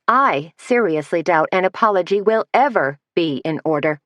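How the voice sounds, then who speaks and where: A woman's voice: on the low side, expressive, normal speed, a bit bright, no echo, highs cut off. A woman narrator voicing a stern, disapproving small-town woman who harangues. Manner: haranguing, cold.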